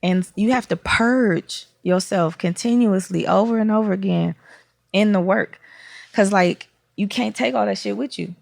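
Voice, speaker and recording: Woman, gravelly, dry close sound, reflective casual chat, many fillers. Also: mid-range voice, normal speed, a little mellow, no room sound. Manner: reflective, searching for words, many "like"s. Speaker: podcast guest. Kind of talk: casual conversation.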